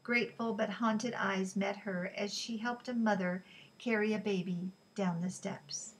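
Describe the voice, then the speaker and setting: A woman narrating a novel as an audiobook in a steady, measured way. Her voice sits at a middle pitch for a woman. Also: slight background noise, rough recording. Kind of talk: scripted narration.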